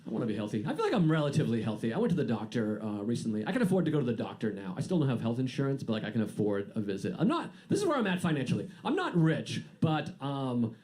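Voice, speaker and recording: A man's voice: medium pitch, huge pitch swings, fast talker, few pauses, darkish tone. A man doing a stand-up comedy set, telling dry, self-deprecating stories. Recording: noisy live set with audience laughter. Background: audience laughter.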